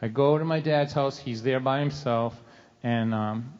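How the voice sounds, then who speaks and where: A man's voice: medium pitch, measured pace, darkish tone, clean tone. A middle-aged man telling a comic story live, wry and self-mocking. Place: church hall venue. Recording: dull sound with long hall reverb.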